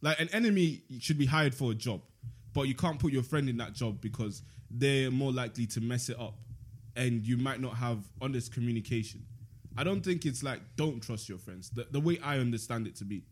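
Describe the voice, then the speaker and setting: A man hosting a casual chat, reading passages aloud and debating them with friends. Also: medium pitch. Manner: playful, laughs often, reads in a measured voice. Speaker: podcast host reading from a book.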